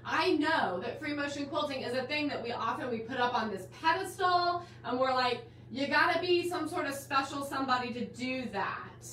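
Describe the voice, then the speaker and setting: Bubbly woman host, high and roomy. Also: animated, moderate pace, hardly any pauses, a bit bright. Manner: bubbly, gushing, calls viewers guys and my dear. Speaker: host of a live quilting class stream. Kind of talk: enthusiastic live-stream welcome. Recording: roomy, slightly distant with faint background hiss.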